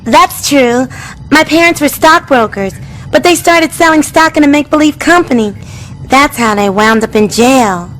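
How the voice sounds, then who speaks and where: A woman's voice: high voice, moderate pace, a bit bright, slight background noise. A woman voicing a sweet, polite homeless young girl in a cartoon, with polished, well-spoken diction. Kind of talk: stop-motion cartoon voice acting.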